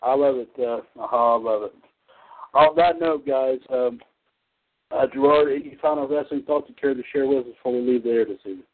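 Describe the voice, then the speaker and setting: A chatty male host with a mid-pitched voice, running a relaxed chat show and repeating himself as he laughs along. The audio is narrow and tinny, like a phone line. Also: brisk. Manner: chatty, repetitive, laughs easily. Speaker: podcast host. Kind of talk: casual chat show hosting.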